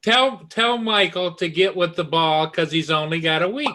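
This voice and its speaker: A man's voice: a little high, normal speed, noisy background. A man in a casual live chat, chiming in with needling, jokey remarks.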